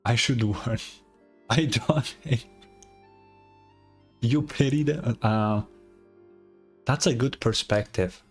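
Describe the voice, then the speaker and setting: A man's voice: mid-range voice, takes it slowly, pauses often, breathy edge, soft background music. A man from Europe streaming a game, rambling casually and repeating himself as he answers chat. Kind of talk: casual live-stream commentary.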